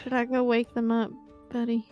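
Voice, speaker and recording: A woman's voice: a little high, completely flat delivery, normal speed, mellow, dull audio, faint music behind. A woman playing in a tabletop game, chatting in an easygoing, drawling way. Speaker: player. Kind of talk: casual game chat.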